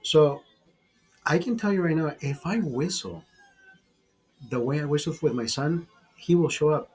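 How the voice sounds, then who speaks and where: A middle-aged man telling rambling, profanity-laced stories in a casual vlog, pausing and restarting as he talks. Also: fairly high pitch, slightly rough, faint music behind, low-quality recording. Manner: profane, rambling, animated storyteller. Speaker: vlogger. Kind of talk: casual storytelling over a beer.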